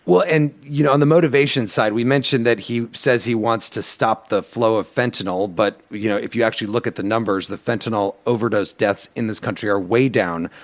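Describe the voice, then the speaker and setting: A man's voice: lowish voice, fairly quick, few pauses. A man hosting a podcast interview, asking conversational, pointed questions. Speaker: podcast host.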